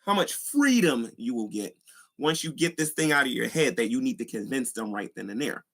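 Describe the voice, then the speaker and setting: A man's voice: mid-range voice, animated, a little fast, fairly bright tone. A man who does street evangelism, talking casually and earnestly about faith, rambling with many fillers. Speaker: Christian YouTuber, street evangelist. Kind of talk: casual preaching talk.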